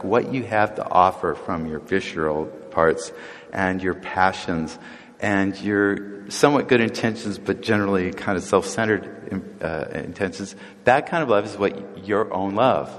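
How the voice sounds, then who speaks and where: A fairly low-voiced man gives a relaxed, conversational sermon. He jokes and chuckles as he goes and slips into different voices when quoting people. The sound carries a long echo from a large hall. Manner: chatty and humorous, chuckling often and acting out quoted voices. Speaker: preacher.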